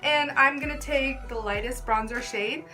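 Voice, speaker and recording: A woman's voice: high-pitched, moderate pace, music in the background. A young woman chatting casually through a makeup tutorial, gushing and filling her talk with "like.". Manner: chatty, gushing, filler-heavy "like". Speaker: beauty vlogger.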